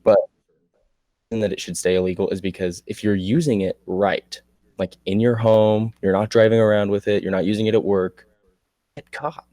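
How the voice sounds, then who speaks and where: A man with a fairly low voice talks casually on a podcast and drops dry, joking asides. The sound is close and dry, with no room echo. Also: fairly even intonation, normal speed, dark tone. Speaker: podcast co-host. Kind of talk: casual chat.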